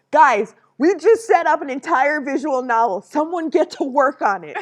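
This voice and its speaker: A woman co-hosting a casual stream. She rambles in an animated way, swears freely and laughs often. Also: high-pitched, slow, long pauses. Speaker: streamer co-host.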